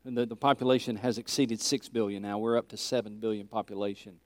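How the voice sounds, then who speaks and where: A man's voice: fairly low pitch, fairly even intonation, quick pace, dry recording. Earnest man teaching scripture. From Tennessee. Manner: earnest, emphatic, questions the class. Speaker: Bible teacher. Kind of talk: teaching a Bible class.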